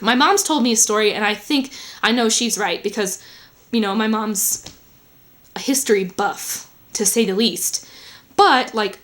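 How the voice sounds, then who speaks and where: A woman rambles chattily to the camera in a home vlog. She drifts between thoughts and peppers her speech with fillers and asides. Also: mid-range voice. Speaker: vlogger.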